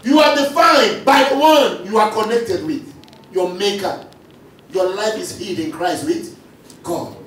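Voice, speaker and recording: A man's voice: high-pitched, unhurried, a bit bright. A male pastor preaching a sermon, calling out lines and repeating them for the congregation to answer. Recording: echoey hall from far off, faint noise.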